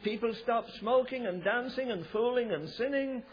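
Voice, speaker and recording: A man preaching a sermon, telling a revival story and acting out the voices of the people in it, building to loud, emphatic climaxes. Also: extremely high pitch, moderate pace, slight background noise. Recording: dull lo-fi recording.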